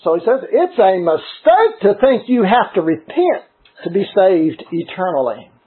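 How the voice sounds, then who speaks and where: Emphatic preacher, man, high and husky. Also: very animated. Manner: emphatic, deliberate, slows on key words. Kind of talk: sermon. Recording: tinny phone-like sound.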